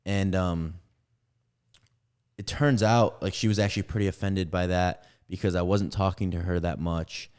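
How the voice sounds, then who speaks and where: A man's voice: low-pitched, normal speed, clean tone. A young man casually telling a rambling story on a podcast, acting out what each person said. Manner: rambling, animated retelling with acted-out quotes.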